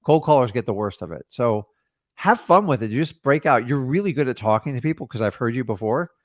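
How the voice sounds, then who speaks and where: A man coaching a caller in a casual, blunt way, acting out phone calls with quick changes of voice. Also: medium pitch, lively intonation, no echo, studio quality. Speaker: real estate investor coaching a caller.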